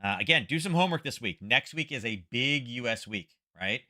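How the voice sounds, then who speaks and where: A man's voice: mid-range voice, animated, a little fast, sharp tone. A man hosting a trading livestream, chatting casually and rambling with wry asides. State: headache from wildfire smoke. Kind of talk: casual market commentary livestream.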